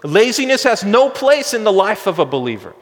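Male pastor, high-pitched, lively sermon delivery with acted-out quotes, long hall reverb. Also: brisk. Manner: animated preaching, acts out quotes, chuckles at own asides.

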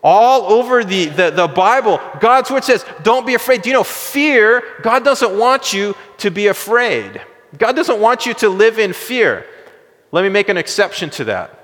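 High-voiced preacher in a reverberant hall. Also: male voice, normal speed. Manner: animated preaching, acts out quotes, chuckles at own asides. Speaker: pastor. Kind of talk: sermon.

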